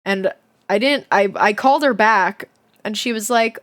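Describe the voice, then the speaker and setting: A woman's voice: mid-range voice, unhurried, a bit bright. A young woman streamer reading a children's book aloud, chatty and giggly, breaking off to comment and swear casually. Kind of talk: casual livestream reading and chat.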